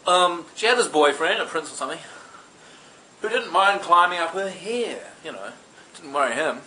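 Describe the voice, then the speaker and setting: A man's voice: on the high side, animated, moderate pace, sharp tone, a little hiss or hum, rough recording. A man telling a comedic story in a meandering way, full of ums and asides. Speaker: comic storyteller.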